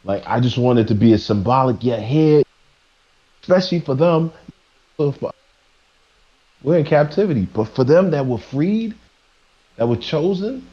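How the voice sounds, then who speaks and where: A man's voice: medium pitch, lively intonation, normal speed, pauses often, muffled recording. A man streaming live, ranting preachily to his chat, stumbling and restarting as he presses his points. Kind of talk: casual rant to a live chat.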